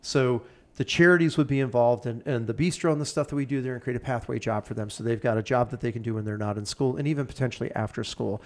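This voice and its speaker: A man's voice: mid-range voice, fast. Enthusiastic rambling man. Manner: enthusiastic, rambling, piles up plans. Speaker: podcast guest. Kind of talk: casual chat.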